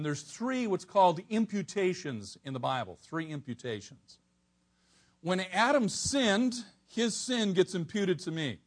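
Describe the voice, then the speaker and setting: Man, preacher, sermon, husky, very lively pitch, loud emphatic peaks. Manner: animated, swings from soft to near-shouting for emphasis. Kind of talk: expository sermon.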